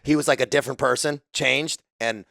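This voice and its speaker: A man from the United States, a podcast guest telling stories in a casual, profane, animated way. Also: mid-range voice, a little fast, creaky, dry recording, studio quality. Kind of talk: casual storytelling.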